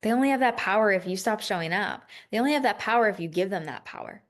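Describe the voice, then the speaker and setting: A woman's voice: mid-range voice, lively intonation, quick pace. A woman hosting a solo coaching podcast, talking candidly and emotionally, swearing freely and restarting her sentences. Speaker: business coach and podcast host.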